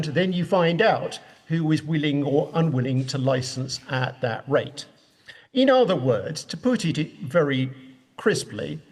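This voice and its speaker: An English man, a judge, giving measured explanatory keynote remarks over a video call from his room. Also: a little high. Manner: measured, explanatory, emphatic summaries. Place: his room at the court, joining remotely.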